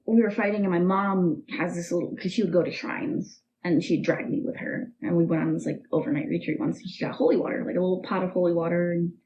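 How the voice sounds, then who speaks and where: Young woman opening up in an interview, lowish voice, stops and restarts a lot, kinda muffled lo-fi sound. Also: steady tone, mellow, a little hiss or hum. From United States. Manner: candid, emotional, halting with restarts. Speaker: interview guest. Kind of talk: personal storytelling interview.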